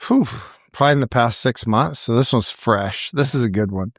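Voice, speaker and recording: A middle-aged man, a salon owner and podcast co-host, telling a story in casual chat, animated and acting out quoted voices. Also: mid-range voice, normal speed, no echo, clean studio sound.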